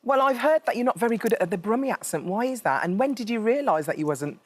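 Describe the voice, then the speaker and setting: A woman's voice: on the high side, animated, quick pace. A woman in her thirties with a Birmingham accent, co-hosting a chat show and teasing her guest playfully. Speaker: TV co-host. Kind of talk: casual chat interview.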